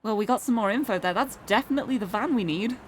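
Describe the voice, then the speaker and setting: A woman's voice: a little high, fast talker, slight background noise. A British woman streamer reading a visual novel aloud, chatty and laughing often.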